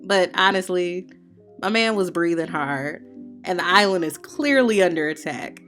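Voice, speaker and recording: A woman's voice: lowish voice, measured pace, a bit bright, soft background music. A woman hosting a manga review, recapping the chapter in casual, slangy, opinionated talk with playful heckling asides.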